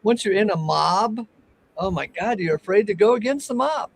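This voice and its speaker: A man with a high voice and a gravelly, creaky edge walks a friend through scripture. He talks in an expressive, playful way, throwing in jokes between points. It sounds like an easygoing conversation about a Bible passage. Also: normal speed, slight background noise, poor audio. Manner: expressive, teasing, explains scripture. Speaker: Bible teacher. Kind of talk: casual Bible discussion.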